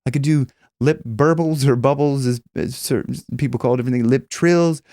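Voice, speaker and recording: A man's voice: medium pitch, brisk, mellow, dry recording. Chatty male vocal coach, dry sound. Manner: rambling with many restarts and demonstrations. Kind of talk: casual teaching monologue.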